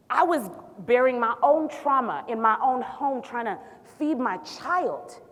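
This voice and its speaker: A woman from Zimbabwe, a physician, telling her story in a public talk with sassy, animated asides to the audience. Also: mid-range voice. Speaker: physician and city health director speaking on stage. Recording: long reverb of a large hall.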